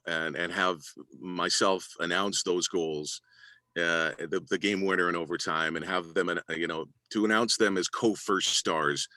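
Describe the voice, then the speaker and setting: A middle-aged man with a very deep, forceful announcer's voice talks through his career as an interview guest. He sounds humble and thankful, often restarting his sentences. The recording is dry and close, with no room sound. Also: no room sound. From Canada. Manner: humble, grateful, hesitant restarts. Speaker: arena announcer and voice-over actor. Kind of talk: interview guest, reflective storytelling.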